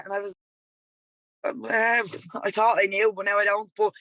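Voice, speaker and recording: A woman's voice: mid-range voice, moderate pace, no room sound, rough recording. A woman in her twenties with a Dublin accent, a podcast guest telling a personal story in a rambling, candid way. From Ireland. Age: 20s. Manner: rambling, animated, repeats "like" and "he was like". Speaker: podcast guest, yoga and dance teacher.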